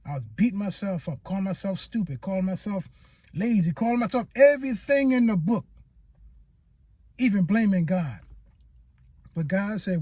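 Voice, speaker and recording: A man's voice: high-pitched, expressive, normal speed, a little mellow, no echo. A motivational speaker sharing a personal testimony in an earnest, repetitive way, stammering when he gets emotional. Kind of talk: personal testimony talk to camera.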